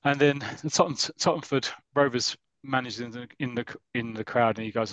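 This British podcast host talks fairly quickly with hardly any pauses, his mid-range voice fairly bright on a dry recording. Rambling with enthusiasm, he retells an old comic story in casual chat and performs the characters' lines.

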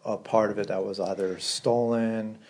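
A man's voice: lowish voice, little pitch movement, normal speed, darkish tone. A man hosting a podcast, talking casually, cutting in with questions and encouragement. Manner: casual, swears, interjects encouragingly. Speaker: podcast host.

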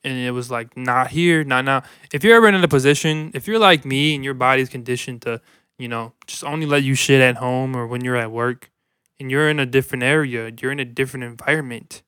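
A man's voice: medium pitch, fast, a bit bright, clean tone, no echo, studio quality. A man co-hosting a casual podcast, joking crudely in a laid-back way with lots of fillers. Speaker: podcast co-host.

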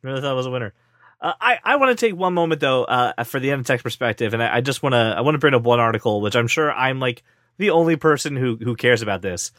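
A man's voice: medium pitch, lively intonation, fast, fairly bright tone, no echo, clean studio sound. A man co-hosting a casual tech podcast, joking and playing mock-offended while he runs through news. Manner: playful, mock-offended banter. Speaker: podcast co-host.

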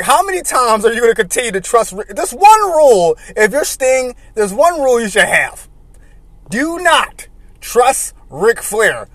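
A man hosting casual commentary and telling animated stories with frequent laughter. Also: high voice, no room sound. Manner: animated storytelling, laughing often. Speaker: host.

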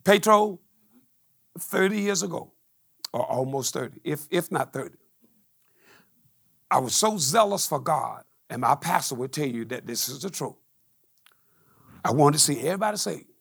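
A middle-aged man preaching a testimony sermon, telling stories with quoted dialogue and rising to shouts. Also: fairly high pitch, animated, moderate pace, creaky, long pauses, slightly rough, no room sound, studio quality. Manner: call-and-response preaching, climbing to shouts.

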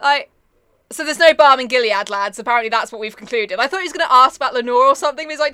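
A woman's voice: high voice, very fast, sharp tone, clear, resonant tone, dry recording. A young woman hosting a casual chat, cheekily joking and swearing while reading a poem aloud. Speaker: podcast host.

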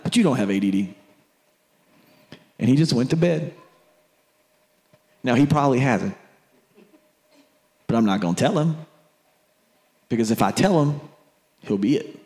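A man's voice: mid-range voice, darkish tone. Man preaching in conversational storytelling style. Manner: conversational storytelling, speaking to the crowd directly. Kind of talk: sermon.

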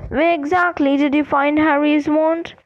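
A kind, calm middle-aged wizard father, read by a woman, reasoning patiently at an unhurried pace. The audiobook recording sounds dull and lo-fi. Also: high-pitched.

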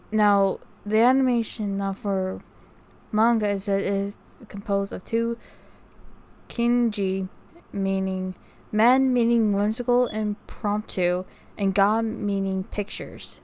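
A woman vlogger with a medium-pitched, slightly mellow voice chats casually to camera about her research. She reads from her notes at an unhurried pace, rambling with lots of fillers and restarts.

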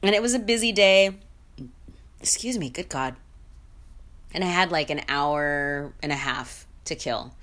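A woman with a notably deep, low-pitched voice, talking on her own podcast. She tells a story in a loose, chatty way and swears freely. Her delivery is blunt and conversational. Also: measured pace, pauses often, a bit bright. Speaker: podcast host. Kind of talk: casual solo podcast storytelling.

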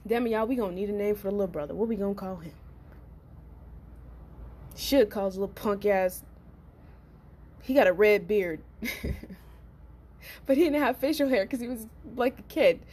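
A young woman hosting a podcast, telling a personal story in a blunt, profane, animated way with frequent laughs. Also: mid-range voice, normal speed, pauses often, breathy edge. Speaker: podcast host. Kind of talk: storytelling monologue.

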